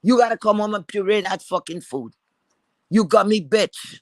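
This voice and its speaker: Man, high voice, confrontational streamer rant, repetitive insults, dry sound. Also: moderate pace, no room sound, rough recording. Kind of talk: heated profane rant.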